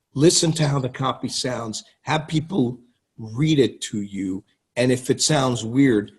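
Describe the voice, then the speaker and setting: On a group call, a copywriting coach with a medium-pitched, slightly breathy voice teaches in a conversational way, frequently checking in with his listeners. The sound is call audio.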